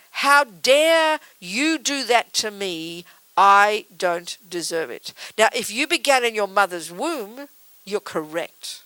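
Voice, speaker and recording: A woman's voice: on the high side, pushed and bright, no room sound, rough recording. A woman Buddhist teacher giving a public talk before a live audience, blunt and emphatic with teasing asides.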